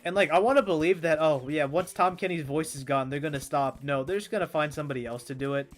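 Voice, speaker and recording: Hoarse young man rambling while gaming. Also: on the high side, fast talker. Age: 20s. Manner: rambling, stammering restarts, swears freely. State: hoarse, strained voice. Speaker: gaming streamer. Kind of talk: casual chat while playing a game.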